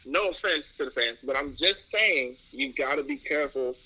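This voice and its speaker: A young man from New York answering questions in a casual interview, relaxed and rambling, with frequent restarts and laughs. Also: on the high side, moderate pace, gravelly, breathy edge, low-quality recording. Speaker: interview guest, pro athlete.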